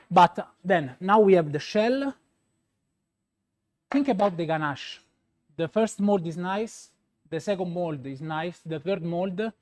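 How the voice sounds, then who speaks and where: A man with a Roman Italian accent, a pastry chef whose first language is Italian, giving a live product demo in halting English with many pauses and fillers. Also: on the high side, darkish tone.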